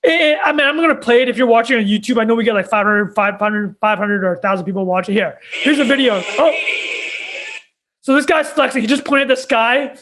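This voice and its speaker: Guy with a really high voice cracking up while telling a story on a podcast. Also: brisk, noisy background. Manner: laughs often, animated storyteller. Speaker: podcast co-host. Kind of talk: casual chat.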